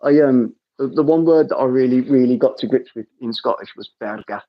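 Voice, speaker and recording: A man's voice: medium pitch, brisk, lo-fi sound. A man with a Birmingham accent hosting a casual live chat, jokey and playful, often repeating his words.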